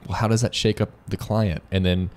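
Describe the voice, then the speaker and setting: A man's voice: fairly low pitch, steady tone, fairly quick. A man with an American accent co-hosting a casual business discussion, adding points and using analogies, with frequent restarts. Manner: adds points, restarts phrases, uses analogies. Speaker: lending company co-host.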